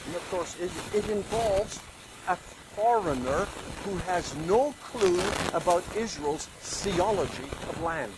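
A man with a high, lively voice lectures outdoors, his tone rising and falling broadly as he reads and explains. His voice is recorded outside on a boat. Loud engine and water noise run constantly behind him. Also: takes it slowly. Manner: animated, reads quoted lines with rising emphasis. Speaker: teacher. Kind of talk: outdoor bible lecture with dramatic reading.

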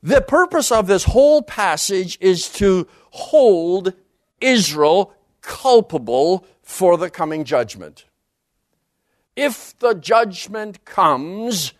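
A man giving an expository Bible lecture, emphatic and animated, dropping low and quiet to stress key words and reading scripture passages aloud quickly. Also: no echo, clean studio sound. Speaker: Bible teacher.

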